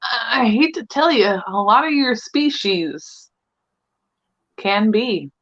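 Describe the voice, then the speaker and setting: A woman's voice: a little high, animated, slow pace, fairly bright tone. A young adult woman chatting candidly as a podcast co-host. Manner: candid, chatty, laughs often. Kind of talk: casual chat. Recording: dull lo-fi sound.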